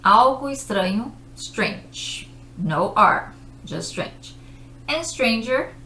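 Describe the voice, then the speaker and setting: A woman's voice: mid-range voice, fairly bright tone, a little hiss or hum. A woman teaching English vocabulary, explaining patiently with simple examples and checking in with "okay?". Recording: roomy echoey room.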